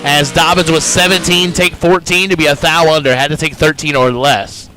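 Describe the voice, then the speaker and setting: A man with an Indiana accent calling drag races live from an announcer booth, brisk and joking as he reads out names and times. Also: fairly high pitch, steady tone, bright, forceful tone. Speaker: race announcer. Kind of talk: live drag-racing commentary.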